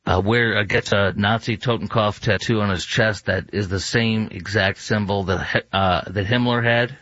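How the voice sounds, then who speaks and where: A man's voice: on the low side, fairly even intonation, moderate pace, fairly bright tone, no room sound. A male talk show host ranting in an indignant, opinionated monologue with many fillers and restarts. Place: studio in Dallas. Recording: dull, dry studio recording.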